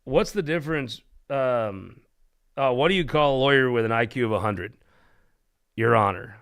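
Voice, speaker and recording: Expressive and fairly bright in tone, this medium-pitched voice moves at a moderate pace. It belongs to a political talk show host who rambles through casual jokes irreverently, often laughing at his own humor.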